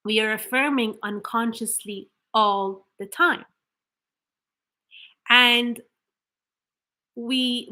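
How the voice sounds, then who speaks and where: A woman delivers an earnest motivational talk straight to camera. Her voice sits a little high and rings bright. She works through her ideas with rhetorical questions and small restarts. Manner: acts out flat, hollow example affirmations. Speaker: manifestation coach.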